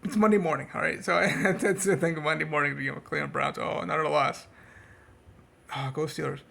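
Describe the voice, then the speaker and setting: A man vents about his football team in a loose, rambling monologue, like a fan talking straight to his camera. His sarcasm often pushes his voice up high and mocking before it drops back to a mutter. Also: steady tone, brisk, creaky, sharp tone. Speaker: sports vlogger. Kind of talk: casual sports rant to camera.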